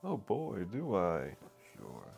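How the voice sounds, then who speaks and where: Shy male co-host, lowish voice, stammers and apologizes, faint music behind. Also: huge pitch swings, takes it slowly, gravelly, darkish tone. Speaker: podcast co-host. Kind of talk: casual chat.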